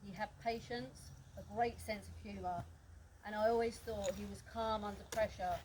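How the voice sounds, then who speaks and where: A woman's voice: mid-range voice, steady tone, moderate pace, darkish tone. A woman reading a eulogy for a friend, telling fond stories and often breaking into laughter. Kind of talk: reading a memorial speech. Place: memorial gathering. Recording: noisy background.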